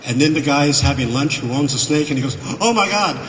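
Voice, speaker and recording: A man guesting on a convention panel, telling animated anecdotes to a live audience and acting out the voices in his quotes. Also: medium pitch, fast talker, slight background noise. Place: convention hall. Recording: echoey hall, miked from afar.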